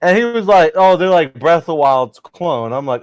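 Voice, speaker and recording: A man co-hosting a casual gaming news show, excitable and cursing while he tells stories. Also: a little high, moderate pace, smooth, no echo. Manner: lively, swearing, excitable storyteller. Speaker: podcast co-host.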